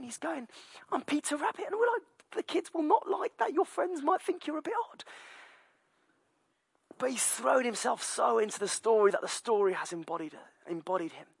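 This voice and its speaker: Lively British pastor in his thirties. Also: sits high, dry recording. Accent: British English. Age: 30s. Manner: storytelling, lively, many fillers. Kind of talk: sermon.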